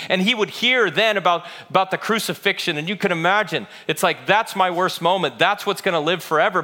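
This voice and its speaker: An earnest male pastor delivering a sermon in a bright, slightly high voice. He tells the story with feeling and drops into acted-out quotes that build in intensity.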